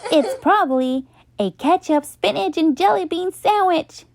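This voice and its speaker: A woman's voice: on the high side, big pitch swings, slow pace, a little mellow, no echo, exaggerated voice. A woman voicing a teasing young schoolboy with a mocking, jeering way of talking.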